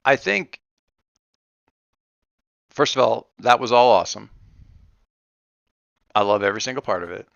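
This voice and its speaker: A man's voice: mid-range voice, a little slow, vocal fry, long pauses, fairly bright tone, no room sound, highs cut off. A man acting as game master of a tabletop role-playing session, explaining rules in a rambling, self-correcting way.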